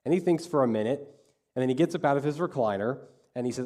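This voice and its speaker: Guy preaching a sermon, mellow warm tone, tells stories and does the little voices. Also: medium pitch, fast talker. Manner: storytelling, acts out quoted dialogue. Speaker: pastor.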